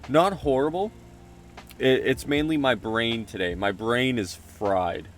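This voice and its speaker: A man's voice: medium pitch, slow pace, soft background music. A male streamer chatting casually with viewers and greeting them, joking about himself. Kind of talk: casual livestream chat while reading a game aloud.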